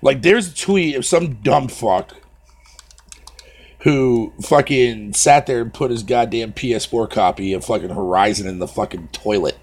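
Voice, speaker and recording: A man's voice: mid-range voice, unhurried, husky. A man ranting profanely on a casual live stream, talking to his viewers by name and swearing constantly.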